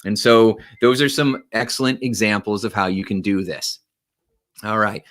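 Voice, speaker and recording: A man giving an energetic motivational talk to his viewers, often checking in with "right?" and "okay?". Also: mid-range voice, normal speed. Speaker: motivational speaker.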